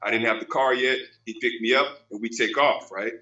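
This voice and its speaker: Bright-voiced man telling stories animatedly. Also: medium pitch, brisk, highs cut off. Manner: animated, repeats phrases, says man a lot. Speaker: podcast host. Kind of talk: casual podcast storytelling.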